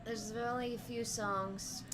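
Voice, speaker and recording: A woman chatting on a livestream in a slightly high voice, blunt and teasing. Clear noise sits under the stream audio. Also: fairly even intonation, slow, fairly bright tone. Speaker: livestream co-host. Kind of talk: casual livestream chat.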